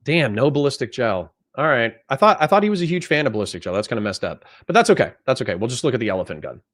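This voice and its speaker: A man's voice: mid-range voice, big pitch swings, rapid-fire, fairly bright tone. A man hosting a livestream, reading out chat messages and answering them in a blunt, profane, conversational way. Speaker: livestream host.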